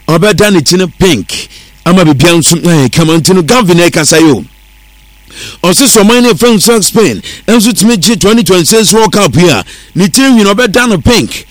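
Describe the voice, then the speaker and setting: Man, radio sports news read, high voice, dry close studio mic. steady delivery. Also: moderate pace, dry recording. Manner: steady newsreader delivery, mixing English words into his talk.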